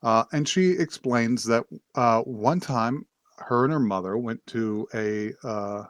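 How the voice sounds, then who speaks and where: A man's voice: medium pitch, slow, no echo. A podcast host talking through an episode recap, rambling and restarting his sentences as he goes. His voice sits in a middle range, with dry, close sound. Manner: rambling with many fillers and restarts, laughs often. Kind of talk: casual recap chat.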